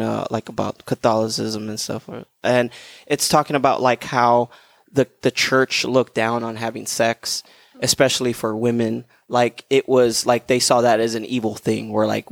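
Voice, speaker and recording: Man, casual podcast chat, rambling, fillers, mid pitch, dry sound. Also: gravelly, no echo. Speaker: podcast co-host.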